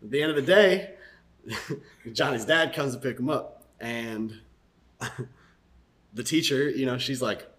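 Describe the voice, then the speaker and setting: A young man chatting casually as a podcast co-host. His voice is bright and forward. He talks loosely with plenty of ums and easy laughter. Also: mid-range voice, measured pace, long pauses. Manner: laid-back, lots of fillers, laughs while telling a joke.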